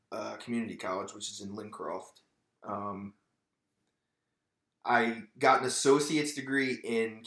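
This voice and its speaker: A man's voice: lowish voice, a bit bright, echoey room. Candid young guy telling his story. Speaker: podcast guest, military veteran. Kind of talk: casual conversation.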